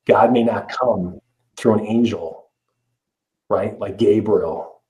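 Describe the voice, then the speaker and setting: A man's voice: fairly low pitch, takes it slowly, mellow, poor audio. A middle-aged man, a life coach guest on a podcast, talking earnestly and emphatically with frequent restarts. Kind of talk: podcast interview.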